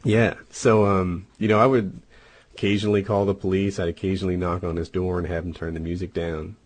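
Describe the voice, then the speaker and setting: A man's voice: low voice, flat delivery, brisk, a little hiss or hum. A man co-hosting a podcast, telling a long casual story with a rambling manner and many "and, uh" fillers. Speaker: podcast co-host.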